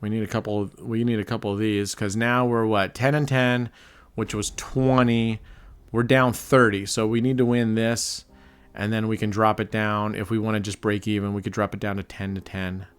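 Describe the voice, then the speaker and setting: A man hosting live casino gameplay commentary, excitable and cursing, grumbling at the dealer as he works out his bets. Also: on the low side, normal speed, clean tone. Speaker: channel host.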